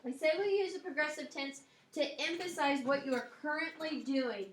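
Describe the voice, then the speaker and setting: A woman's voice: high-pitched, moderate pace, roomy sound, a little hiss or hum, poor audio. A woman Spanish teacher giving a classroom grammar lecture, explaining step by step and checking in often with "okay?" and "um".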